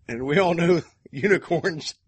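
A man's voice: on the high side, a little slow, husky. An American man hosting a casual podcast, joking crudely and laughing easily. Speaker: podcast host.

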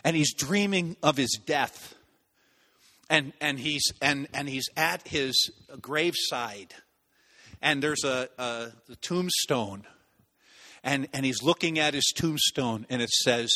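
A man preaching a sermon as pastor, telling a personal story with animated delivery, acting out voices and shouts. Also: medium pitch, a little slow, long reverb tail.

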